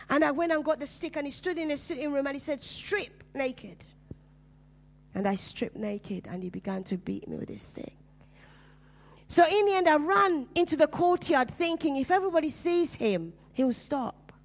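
A woman from Uganda, a pastor, preaching her personal testimony as a sermon, storytelling with swings from loud bursts to hushed, low asides. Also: animated, moderate pace.

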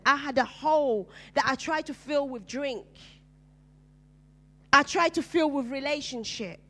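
A woman pastor from Uganda delivers her testimony from the pulpit in a fairly high voice. She tells it as a vivid story, rising to loud bursts and then dropping to hushed, low asides. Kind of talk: personal testimony sermon.

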